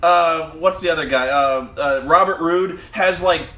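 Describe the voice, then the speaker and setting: Casual podcast co-host, male, high and bright, animated storyteller who acts out scenes, roomy echo. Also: measured pace. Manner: animated storytelling, acting out wrestlers with shouted impressions. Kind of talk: casual profane chat.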